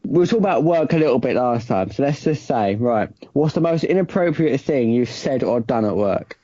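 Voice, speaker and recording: A man's voice: mid-range voice, animated, brisk, warm tone, highs cut off. A young man co-hosting a podcast, giggly and teasing in casual chat. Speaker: podcast co-host.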